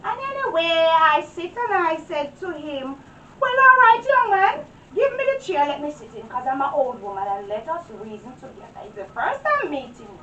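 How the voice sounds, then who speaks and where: A woman's voice: big pitch swings, moderate pace, sharp tone, highs cut off, a little hiss or hum, full character voice. An actress playing a fussy, easily shocked old Jamaican woman, retelling events dramatically in an amateur drama. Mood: storytelling. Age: older. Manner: dramatic storytelling, high and sing-song. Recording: roomy, distant mic.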